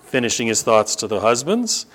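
Sermon preacher, man, middle-aged, emphatic, explains scripture, mid-range pitch. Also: big pitch swings, moderate pace, slightly rough, soft background music. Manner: emphatic, rises to sharp high bursts and repeats "no, no, no"; teaching, explains Greek grammar to the congregation. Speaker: pastor.

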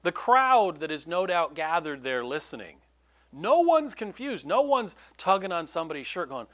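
A man preaching a sermon in a conversational, animated way, with quick asides to the congregation. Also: sits high. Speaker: pastor.

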